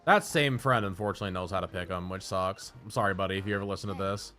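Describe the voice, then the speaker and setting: A male streamer with a lowish voice rambles through crude stories between chat asides. He talks in a loose, profane, casual way. Faint music plays behind him. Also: fast talker, pushed and bright.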